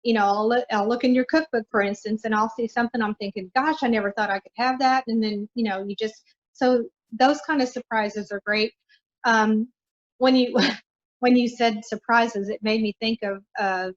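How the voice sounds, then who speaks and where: A woman's voice: mid-range voice, dull audio. A middle-aged woman guest on a podcast, talking in an earnest, encouraging way with lots of fillers. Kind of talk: casual interview talk.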